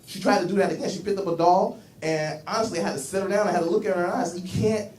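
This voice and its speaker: High-voiced male comic in an echoey room. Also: very fast. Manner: animated storytelling, voicing characters in his bits. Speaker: stand-up comedian. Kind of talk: stand-up comedy set. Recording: echoey room, mic heard from a distance. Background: audience laughter.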